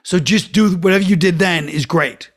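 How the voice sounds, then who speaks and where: High-voiced man telling a story deadpan. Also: normal speed. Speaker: guest comedian. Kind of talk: casual storytelling.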